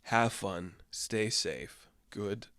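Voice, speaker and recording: A man's voice: lowish voice, drawn-out words, a bit bright, dry recording, studio quality. A man giving a casual, enthusiastic comic book review, chatty and full of "like". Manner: chatty, enthusiastic, says "like" often.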